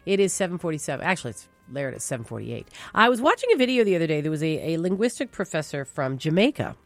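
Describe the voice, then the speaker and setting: A woman's voice: deep voice, big pitch swings, fast talker, dry recording, soft background music. A woman with a Newfoundland accent hosting a jazz radio show, talking in a chatty, loose way with fillers. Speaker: radio host.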